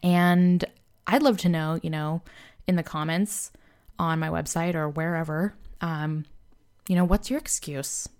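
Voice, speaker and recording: Young woman doing a solo motivation podcast, kinda low voice, rambly and candid, lots of likes and you knows. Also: fairly even intonation, measured pace, darkish tone, smooth. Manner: chatty, loose, filled with "like" and "you know"; candid and self-deprecating. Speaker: podcast host. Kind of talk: casual motivational podcast talk.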